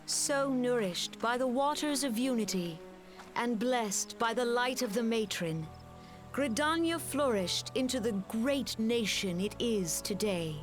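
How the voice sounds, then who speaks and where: An actress playing a solemn woman elder in a video game, recounting her nation's history in a slow, stately way. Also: a little high, expressive. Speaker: game character. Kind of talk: scripted game voice acting. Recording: game audio with music. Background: music.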